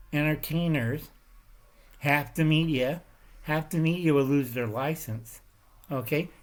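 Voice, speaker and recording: Rambling emphatic man hosting a commentary. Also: fairly high pitch. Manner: emphatic, repeatedly checks in with "Okay?" and "All right?". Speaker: channel host. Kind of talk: rambling political commentary monologue.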